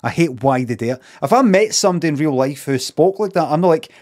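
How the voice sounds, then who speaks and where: A Scottish man livestreaming, talking in a casual, sweary, animated rant. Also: on the high side, fast.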